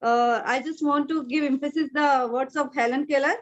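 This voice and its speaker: High-voiced student on a video call. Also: female voice, steady tone, a little fast, few pauses. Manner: earnest, formal. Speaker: student speaker. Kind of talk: formal thank-you speech. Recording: dull video-call audio.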